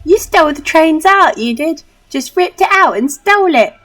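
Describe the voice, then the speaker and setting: A woman voicing a cheeky young thief boy in a put-on Cockney accent, jeering and rough-spoken. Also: expressive, normal speed, fairly bright tone. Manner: shrill, jeering, rough street talk.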